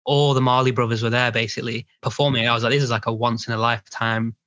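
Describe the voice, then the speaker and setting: A man's voice: mid-range voice, level tone, fast, a bit bright, dry recording. A man in his thirties co-hosting a podcast, chatting casually and animatedly with lots of fillers. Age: 30s. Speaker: podcast co-host. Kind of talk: casual chat.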